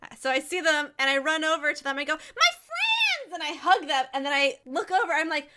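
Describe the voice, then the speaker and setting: A woman player in a casual tabletop game, excitable and lively, squealing when in character. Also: high voice, fast talker, very noisy.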